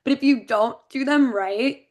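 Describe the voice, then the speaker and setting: A woman's voice: high-pitched, a little slow. Enthusiastic woman interview host. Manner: enthusiastic, supportive, hedging with "kind of" and "like". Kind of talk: casual interview chat.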